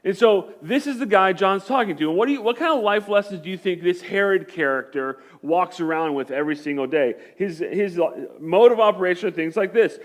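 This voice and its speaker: Guy preaching a sermon, high voice, chatty but keeps repeating his point for emphasis. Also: expressive, brisk, hardly any pauses. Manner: conversational, emphatic repetition. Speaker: pastor.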